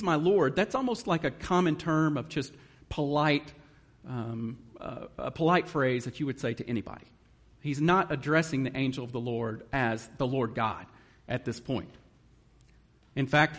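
A man's voice: fairly high pitch, a little slow, a bit bright. A man preaching a sermon in an earnest manner, reading scripture and explaining it. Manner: earnest, emotional at times, reads scripture aloud. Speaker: guest preacher.

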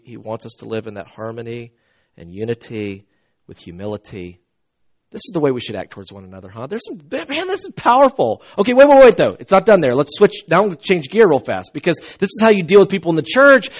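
A male preacher delivers his sermon through personal stories, his voice sitting notably high. He swings between loud emphatic lines and quiet, hushed asides. The recording sounds dull and a little lo-fi. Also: very animated, fast talker.

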